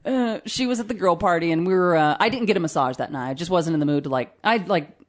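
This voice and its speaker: Brief: lower-pitched woman, salty podcast co-host, lively storyteller who swears freely. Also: quick pace. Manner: swears freely, animated storytelling with acted quotes. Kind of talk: raunchy casual chat. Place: studio.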